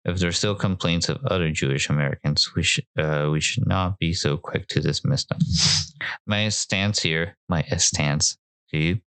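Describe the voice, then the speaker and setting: A man's voice: sits low, clear, resonant tone, dry recording. A man hosting his podcast, giving casual, wry commentary and often correcting himself mid-sentence. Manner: wry, self-correcting, chatty. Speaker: podcast host.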